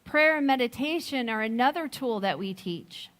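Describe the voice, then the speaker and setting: A middle-aged woman giving a sermon, slow and reflective, telling a personal story with gentle laughs. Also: on the high side, expressive. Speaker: speaker at a Sunday service.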